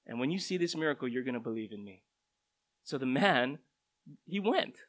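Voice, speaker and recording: A man's voice: medium pitch, lively intonation, moderate pace, a bit bright, rough recording. A man preaching a sermon in a conversational, storytelling way, his voice rising and dropping for emphasis. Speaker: pastor.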